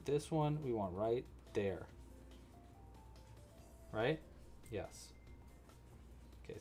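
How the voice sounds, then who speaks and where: A man hosts a casual live crochet lesson, his voice rising and falling in lively swings. He chats with viewers and counts stitches quietly as he works. Faint music plays behind him. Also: mid-range voice. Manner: chatty, reacts to live chat while crocheting; counts stitches aloud under his breath. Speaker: crochet livestream host. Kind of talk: casual live tutorial chat.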